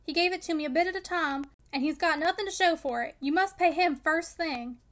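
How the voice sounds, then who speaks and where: A woman's voice: very high-pitched, a little fast, a bit bright. A woman reading as an irritable old male miller, sick in bed, who speaks sharply and impatiently. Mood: anxious.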